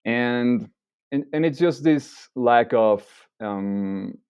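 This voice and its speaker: A man's voice: medium pitch, extremely slow, smooth, no echo, lo-fi sound. A man guesting on a casual podcast, speaking thoughtfully and hesitantly, with many fillers.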